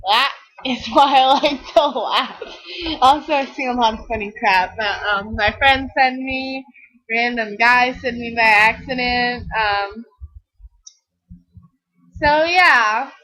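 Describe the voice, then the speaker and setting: A woman's voice: a little high, takes it slowly, pushed and bright, low-quality recording. A teenage girl chatting casually while playing a game, rambling and giggling, a bit tired from little sleep, and acting out the people she quotes. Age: teens. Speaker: gaming video creator. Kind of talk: rambling casual chat over gameplay.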